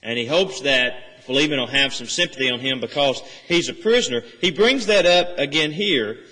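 Man, preacher, earnest sermon, bright forceful voice, fairly high, long church reverb. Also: lively intonation, normal speed. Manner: earnest expository preaching, rising emphasis on key phrases. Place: church sanctuary.

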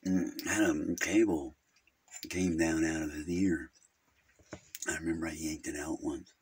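A man's voice: a bass voice, fairly even intonation, a little slow, breathy edge, exaggerated voice. A man playing a rambling, gossipy male Jehovah's Witness who halts, hums and giggles at his own crude jokes in an improvised comedy monologue.

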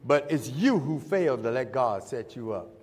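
Man preaching, storytelling sermon, very animated pitch, long church reverb. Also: normal speed, breathy edge. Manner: storytelling, acting out dialogue, building to shouts. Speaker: pastor. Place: church sanctuary.

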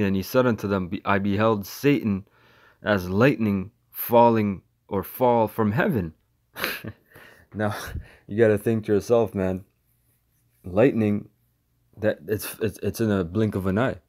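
Slangy, low-voiced man teaching scripture. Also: darkish tone. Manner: slangy, repeats "man" often, frequent restarts. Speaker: bible teacher.

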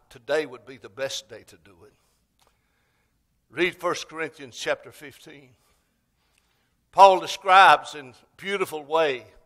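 A man's voice: on the high side, fairly bright tone. A man preaching an Easter sermon, with dramatic swells and phrases half sung and stretched out. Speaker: pastor. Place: church sanctuary.

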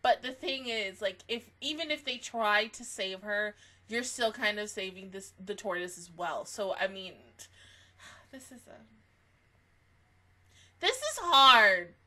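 A woman giving a casual anime reaction review, excitable and swearing, swinging between laughter and mock crying. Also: medium pitch, slow.

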